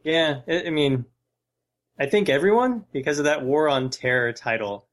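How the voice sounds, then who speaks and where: A man co-hosting a podcast, talking in a relaxed, rambling way with casual cursing. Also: fairly high pitch, normal speed. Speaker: podcast co-host. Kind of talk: casual chat.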